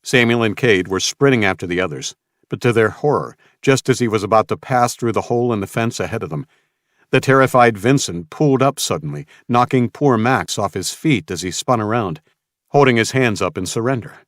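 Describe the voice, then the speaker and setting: Male audiobook narrator, very low voice, dry close sound, dramatic, tense telling. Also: fairly quick, dry recording. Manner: tense storytelling.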